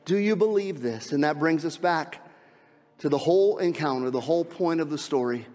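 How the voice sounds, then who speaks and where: A man preaching an Easter sermon as pastor, emphatic, repeating key phrases and dropping to hushed tones. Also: a little high, lively intonation, moderate pace, in a large hall. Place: church sanctuary.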